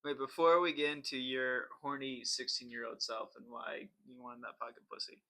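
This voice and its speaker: Young man with a very bright voice. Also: medium pitch, normal speed. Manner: laughing, rambling, restarts often. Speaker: podcast co-host. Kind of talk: casual storytelling chat.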